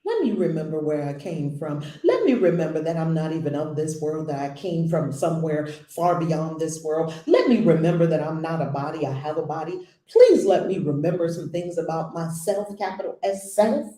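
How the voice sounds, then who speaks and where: Woman spiritual teacher, earnest, emphatic, repeats herself, lowish warm voice. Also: lively intonation, normal speed, few pauses, reverberant. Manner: conversational with playful asides. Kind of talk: spiritual lesson talk.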